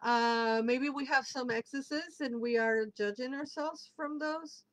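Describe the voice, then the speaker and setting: A woman hosting a casual livestream, chatting warmly and reading out viewer comments as they come in. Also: a little high, unhurried, low-quality recording. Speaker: livestream host and tarot reader.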